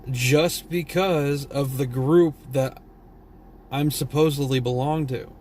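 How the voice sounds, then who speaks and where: A man's voice: mid-range voice, fairly even intonation, slow pace, darkish tone, slight background noise. A tired man from Texas with a Southern drawl, vlogging a blunt, profane, rambling rant. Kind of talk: casual opinion rant.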